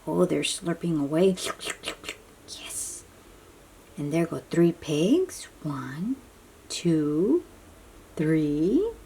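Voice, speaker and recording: A woman reading a picture book aloud to young children, gentle and often dropping to a soft whisper, asking them questions as she goes. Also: sits low, lively intonation, very slow, pauses often, slightly rough.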